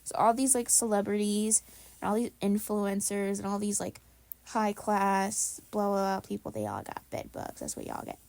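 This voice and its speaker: A woman's voice: mid-range voice, expressive, moderate pace, vocal fry, darkish tone, no echo. A young woman co-hosting a podcast, talking in a blunt, profane, ranting way during casual chat. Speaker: podcast co-host.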